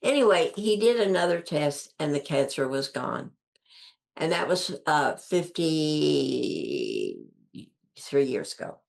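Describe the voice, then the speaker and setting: Older woman, low voice, interview guest, earnest personal storytelling, emphatic, acts out quoted dialogue. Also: big pitch swings, slow pace, gravelly, long pauses. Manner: emphatic, repeats phrases for effect.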